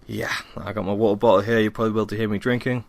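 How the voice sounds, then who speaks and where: A man's voice: on the low side, little pitch movement, very fast, gravelly, a little hiss or hum. A young man from Wales, hosting a casual solo podcast at home, rambling and self-deprecating with many ums, tired after a workout. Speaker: podcast host.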